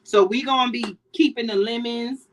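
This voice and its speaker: A woman's voice: fairly high pitch, moderate pace, a little hiss or hum. A middle-aged woman with a New York accent, chatting casually to viewers while cooking and laughing often. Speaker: podcast host. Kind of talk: casual cooking vlog chat.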